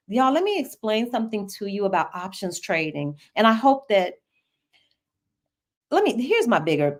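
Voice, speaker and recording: A middle-aged woman from the United States hosting a casual live-stream Q&A. She is chatty and animated, laughs often and talks straight to her viewers. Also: mid-range voice. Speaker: host answering viewer questions.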